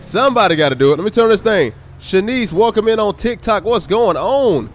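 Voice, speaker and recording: This male streamer jokes through a police game while calling out and thanking people in his chat. His expressive voice sits high, and he speaks fairly quickly.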